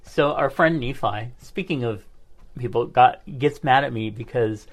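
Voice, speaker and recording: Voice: medium pitch, a little slow. A podcast co-host in casual chat, chatty and sassy, swearing freely.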